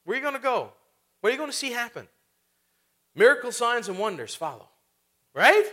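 A pastor preaches a sermon in a clear, high and bright voice, moving a little fast with large pitch swings. It feels conversational, as he asks rhetorical questions and adds casual asides between points.

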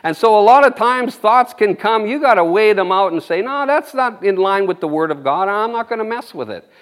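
A man's voice: sits high, lively intonation, brisk. A man preaching an informal sermon, rambling and folksy, with frequent amens and chuckles.

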